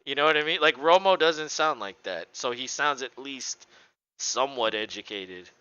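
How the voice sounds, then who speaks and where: Male podcast co-host, bright and forceful, smooth dry voice, fast profane rants. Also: medium pitch, no room sound, lo-fi sound. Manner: animated, profane ranting with mocking voices. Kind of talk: casual sports chat.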